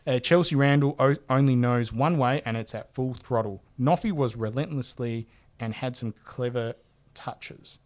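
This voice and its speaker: A man's voice: medium pitch, moderate pace, a little mellow. A man, hosting a casual podcast and reading out listener feedback with laughs and the odd swear. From Australia. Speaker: podcast host.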